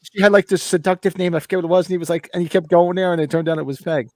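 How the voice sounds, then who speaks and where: A man's voice: high-pitched, fairly even intonation, racing, no echo. A man co-hosting a live movie watch-along, telling rambling stories in casual chat. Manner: rambling storyteller. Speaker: podcast co-host.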